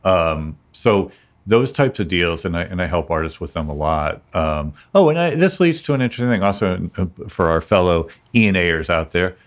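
A man's voice: low-pitched, lively intonation, moderate pace. A man co-hosting a podcast, talking casually and playfully, often restarting his sentences. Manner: rambling, self-interrupting, playful. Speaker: podcast co-host, music business lawyer.

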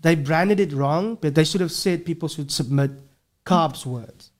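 Brief: academic man, slightly high voice, earnest explainer, lots of restarts. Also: unhurried. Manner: earnest, explanatory, with frequent restarts and repeated words. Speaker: linguistics professor, podcast guest. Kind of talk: casual interview talk.

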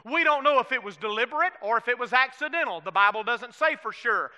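A man's voice: extremely high pitch, lively intonation, fast, bright, forceful tone. A man with a Southern US accent preaching a sermon in a folksy way, calling for amens and asking the congregation questions. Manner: folksy, calls for amens, asks the room questions. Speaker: pastor. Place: church sanctuary. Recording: long hall reverb.

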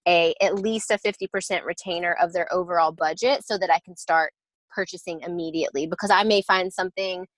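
A woman's voice: lowish voice, fairly even intonation, a little fast, dry recording, rough recording. A woman interior designer explaining her work process in a casual interview, chatty and full of fillers and restarts.

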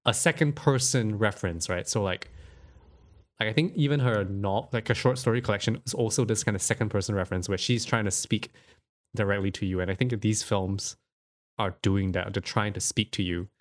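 A man's voice: fairly low pitch, brisk. A man hosting a film podcast, talking casually with lots of fillers and frequent laughter. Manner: laughs often, filler-heavy, animated. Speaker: podcast host.

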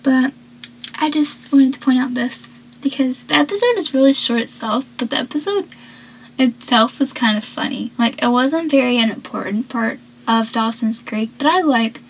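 A woman with a high voice chats casually at normal speed, recapping a TV episode, dropping lots of "like"s and acting out the characters' lines. The recording is rough, with slight background noise.

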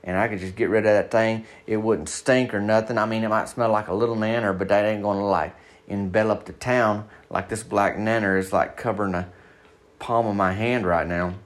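Folksy man telling a tale. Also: on the low side. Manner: folksy drawl, slow deadpan spelling-out. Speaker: storyteller. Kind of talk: comic rural storytelling.

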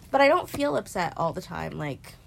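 A woman in her twenties talking expressively in a casual heart-to-heart from a bedroom, laughing often. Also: creaky. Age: 20s. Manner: expressive, laughs often, jumps into high-pitched quoted voices. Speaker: friend confiding. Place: bedroom, in bed.

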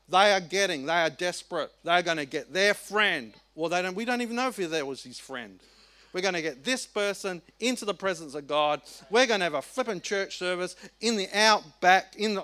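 A middle-aged Australian man preaching a sermon, animated and colloquial, firing off rhetorical questions. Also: high voice. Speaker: pastor.

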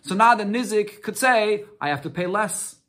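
Brief: male Talmud teacher, fairly high voice, patient step-by-step explainer, answers his own questions. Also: lively intonation, moderate pace, bright, forceful tone. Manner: explains step by step, mixing Aramaic phrases with English; rhetorical questions answered himself. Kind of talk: Talmud lesson.

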